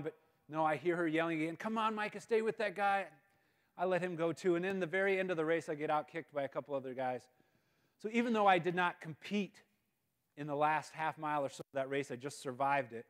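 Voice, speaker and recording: A man in his thirties speaks as a guest at a school, telling a personal story. His voice sits a little high for a man. He acts out the quoted lines and drops to near-mutters for his asides. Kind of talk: storytelling speech. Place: school event space.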